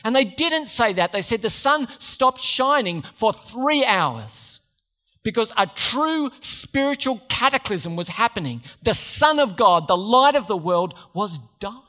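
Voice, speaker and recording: Lively high-voiced preacher. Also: male voice, a little slow. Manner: lively, conversational, joking asides to the congregation. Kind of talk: sermon.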